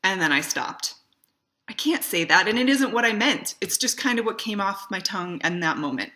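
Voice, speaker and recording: A woman's voice: mid-range voice, lively intonation, moderate pace, sharp tone. A woman talking straight to camera in a conversational way, giving advice on speaking for video and stressing words for emphasis. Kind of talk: casual direct-to-camera talk.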